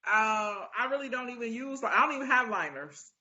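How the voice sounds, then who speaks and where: A woman's voice: fairly high pitch, animated, moderate pace, pushed and bright, dull audio. A woman taking part in a makeup class, speaking hesitantly and trailing off as she describes her lips. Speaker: class participant. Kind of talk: casual chat.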